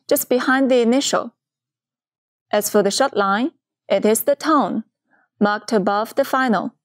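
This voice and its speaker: A woman teaching a beginner's pronunciation lesson in a clear, patient scripted dialogue. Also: fairly high pitch, no echo, studio quality. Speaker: Chinese teacher.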